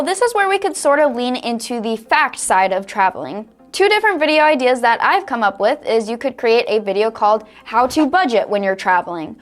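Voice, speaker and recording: A young woman hosting a casual screen-recorded tutorial, upbeat and chatty, laughing often. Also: a little high. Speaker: online tutorial host.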